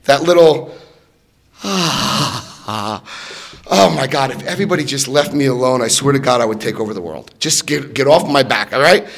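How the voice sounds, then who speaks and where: A man in his fifties tells an audience his personal recovery story at a moderate pace. He's animated, acting out quotes with sudden jumps in pitch and loudness.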